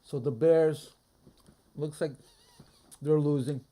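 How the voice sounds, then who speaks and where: A man streaming a live trading session, muttering his thoughts aloud in a low-key, halting way. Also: fairly even intonation, mellow. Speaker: day trader streaming a live trading room. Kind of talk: casual live market commentary.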